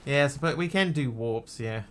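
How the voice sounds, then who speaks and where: A man's voice: mid-range voice, a little slow, a little hiss or hum. A man streaming a video game live, chatting casually and thinking aloud in muttered asides. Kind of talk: casual live gameplay commentary.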